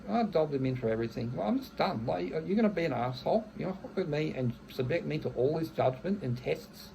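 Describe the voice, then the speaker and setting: A man's voice: on the high side, lively intonation, quick pace, creaky, dark tone, a little hiss or hum, low-quality recording. A man, venting bluntly in a casual monologue, swearing heavily and often restarting his phrases. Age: 30s. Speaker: vlogger.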